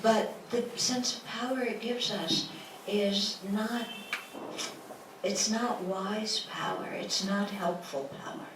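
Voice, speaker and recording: A woman's voice: mid-range voice, fairly even intonation, slow pace. A woman Buddhist teacher giving a dharma talk in a lecture room, asking the audience rhetorical questions and acting out quotes playfully. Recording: echoey room from a distance with noise.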